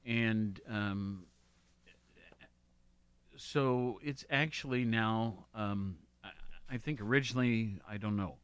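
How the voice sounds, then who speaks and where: Male interviewer, low-ish voice, very slow, hesitant phrasing. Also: fairly bright tone, clear, resonant tone, dry recording. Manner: halting, with many fillers and restarts. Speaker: interviewer, host. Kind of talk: interview questions.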